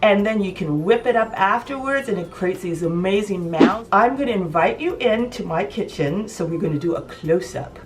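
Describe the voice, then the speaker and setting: A woman's voice: medium pitch, expressive, moderate pace, few pauses, far from the mic. A woman chatting enthusiastically and emphatically in a home cooking vlog. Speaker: vlogger. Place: home kitchen.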